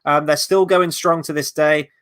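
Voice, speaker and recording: Male watchalong host, slightly high voice, loose rambling commentary, casual swearing. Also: steady tone, moderate pace, fairly bright tone, smooth. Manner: reads out and answers chat questions. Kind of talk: live movie watchalong commentary.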